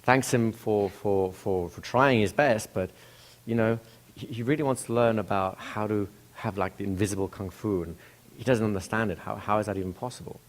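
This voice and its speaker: A man's voice: lowish voice, moderate pace. A man telling a story in a casual, conversational way, with restarts and asides to the listener.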